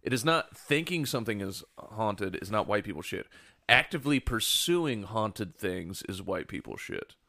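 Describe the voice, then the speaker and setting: A man's voice: on the low side, sing-song, normal speed, sharp tone. Profane laughing man telling a story. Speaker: podcast co-host. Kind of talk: casual chat.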